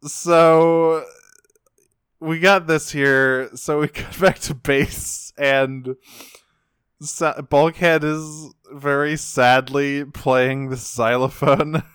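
A man's voice: on the high side, fairly even intonation, slow pace, fairly bright tone, smooth, no echo, studio quality. A man co-hosting a podcast, casually recapping a cartoon episode and acting out quotes with a laugh. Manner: laughs often, acts out quotes. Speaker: podcast co-host.

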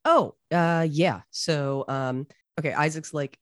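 A woman's voice: low voice, takes it slowly, no echo, clean studio sound. A woman co-hosting a casual podcast chat, retelling a story playfully with silly voices. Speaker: podcast co-host.

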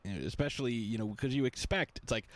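A man's voice: mid-range voice, fast. A man hosting a casual chat, rambling through his thoughts with lots of fillers and joking asides. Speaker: podcast host.

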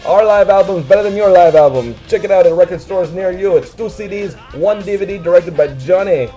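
A man doing a comic impression of a boastful male action star, reading a mock advertisement in a hyped pitchman delivery. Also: fairly quick, dark tone, faint music behind, natural voice. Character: brash male action-star impression hawking a web host.

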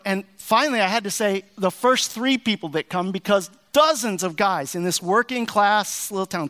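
A man's voice: sits high, pushed and bright, clean tone. A middle-aged American man, a pastor, telling a personal story in a sermon in an earnest, folksy way. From United States.

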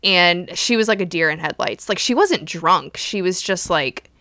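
A woman co-hosting a podcast in casual chat, an animated storyteller who swears freely. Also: on the low side, moderate pace, dry recording, studio quality. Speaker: podcast co-host.

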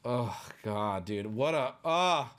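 A man in his thirties ranting to his stream chat, exasperated and loud, mocking people in whiny voices. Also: mid-range voice, lively intonation, slow pace.

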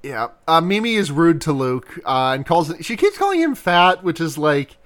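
A man's voice: fairly high pitch, big pitch swings, moderate pace, few pauses, a bit bright. A man in casual podcast chat, rambling through a movie plot, laughing and acting out the characters' lines. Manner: rambling, laughing, acts out quotes.

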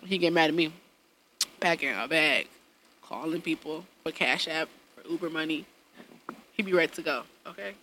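A woman's voice: deep voice, moderate pace, long pauses, a bit bright, a little hiss or hum. A woman in casual chat, telling blunt, profane stories about her son and laughing often as she acts out quotes. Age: adult, parent of a young son.

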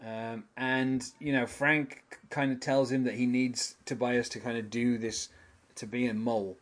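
A man's voice: mid-range voice, flat delivery, moderate pace. A man hosting a casual podcast, rambling through an episode recap with many fillers and frequent chuckles. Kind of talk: casual chat.

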